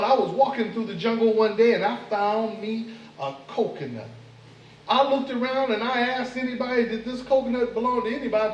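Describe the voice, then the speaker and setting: A man's voice: high-pitched, lo-fi sound, slight background noise, lightly acted. A man voicing a sly male trickster spider in a told folk tale, with a drawling, exaggerated delivery. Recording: echoey room, mic far off.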